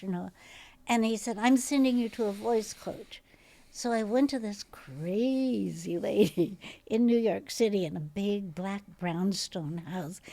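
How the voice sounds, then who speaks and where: Older woman with a distinctive, lively voice. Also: mid-range voice, no echo. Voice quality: distinctive, instantly recognizable voice. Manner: lively, laughs often while telling stories. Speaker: actress and podcast guest. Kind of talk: casual interview storytelling.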